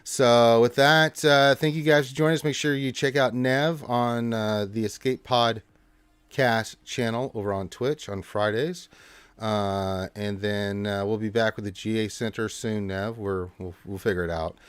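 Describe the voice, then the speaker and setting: Man, livestream host, casual rambling chat, lowish smooth voice, dry close sound. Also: fairly even intonation, unhurried, no room sound. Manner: loose, rambling, full of fillers. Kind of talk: casual stream chat and sign-off.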